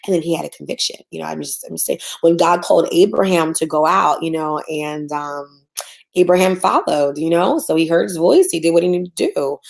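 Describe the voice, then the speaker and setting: A woman's voice: low voice, a little fast, gravelly. A woman business coach, teaching on a livestream in a sassy, preachy way and acting out mocking voices.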